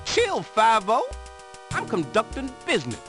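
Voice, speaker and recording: An actor voicing a laid-back male street hustler in a police game, drawling slowly and dismissively. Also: very high voice, wildly swooping pitch, fairly bright tone, faint music behind, heavily acted.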